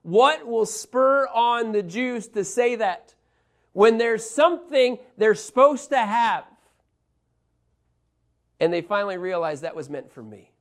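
Guy preaching a bible lesson, pretty high voice, gets loud then drops way down, lively storyteller. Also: slow pace. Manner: animated storyteller, shifts between loud emphasis and quiet asides. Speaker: Bible teacher. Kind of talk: sermon-style Bible lesson.

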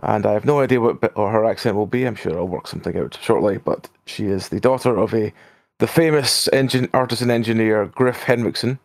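A man playing a tabletop game, introducing his character in a dry, deadpan way. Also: lowish voice, brisk, gravelly, no room sound. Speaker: player. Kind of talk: casual tabletop game chat.

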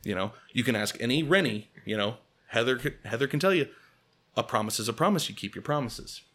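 A man's voice: medium pitch, lively intonation, fairly quick, fairly bright tone. A man telling a comic personal story as podcast host, acting out quotes, swearing and laughing often.

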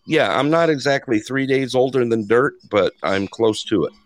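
A man's voice: mid-range voice, normal speed, a crowd in the background. An older man from California hosting a live call-in radio show with laughing, joking banter. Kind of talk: casual radio chat.

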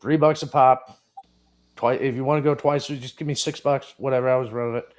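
A man co-hosting a casual podcast, rambling through a story and prone to excited outbursts. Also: mid-range voice, a little fast. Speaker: co-host.

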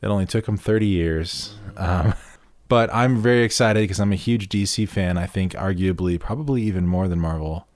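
A man's voice: low voice, moderate pace, darkish tone, dry recording, clean studio sound. A man co-hosting a podcast, talking in a loose, eager, rambling way full of fillers and restarts. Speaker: podcast co-host. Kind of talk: casual podcast chat.

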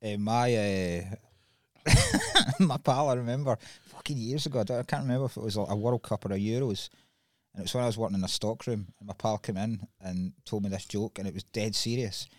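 A man, a podcast guest telling stories in lively casual chat and laughing often. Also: fairly low pitch, brisk, no echo, clean studio sound.

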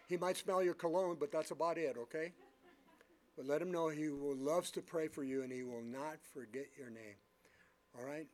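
Fervent male pastor, slightly high voice. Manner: animated storyteller, loudness swinging from booming to hushed; earnest, fervent in prayer. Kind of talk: sermon with personal storytelling and closing prayer.

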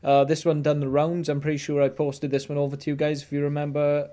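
A man's voice: on the high side, completely flat delivery, fast talker, mellow. A man hosting a casual chat, rambling through a story with many fillers and restarts. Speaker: podcast host. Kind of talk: casual chat, recounting news.

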